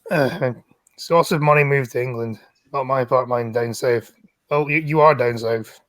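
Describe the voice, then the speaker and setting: A man's voice: mid-range voice, a little slow, fairly bright tone, no echo. Scottish man explaining things matter-of-factly. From Scotland. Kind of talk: casual chat.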